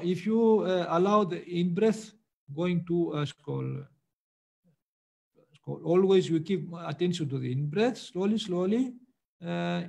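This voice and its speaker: A man teaching meditation and answering students' questions, speaking patiently with many pauses and fillers. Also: high-pitched, creaky, mellow.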